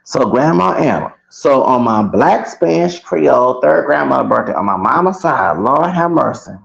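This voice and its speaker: A man telling a heated, rambling personal story to camera, repeating himself and swinging between loud and soft. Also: mid-range voice, lively intonation, normal speed, vocal fry, highs cut off. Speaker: vlogger.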